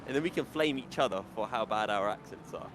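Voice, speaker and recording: A man's voice: lowish voice, fast. Chatty male race commentator, noisy line. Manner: chatty, laughs easily, breaks down the race order. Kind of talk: sim racing commentary.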